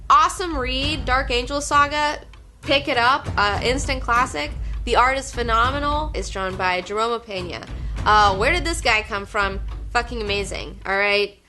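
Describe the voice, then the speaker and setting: A young woman hosts her own comic book review show, rambling happily and swearing freely as she gushes about her favorites. Her voice is bright and pitched a little high. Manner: gushing, profane, rambling with fillers. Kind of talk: casual enthusiastic review monologue.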